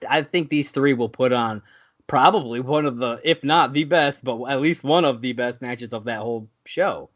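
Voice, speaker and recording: A man's voice: medium pitch, moderate pace. Rambling laid-back man, lo-fi sound. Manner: relaxed, rambling, many fillers. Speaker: podcast co-host. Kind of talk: casual wrestling chat. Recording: dull lo-fi audio.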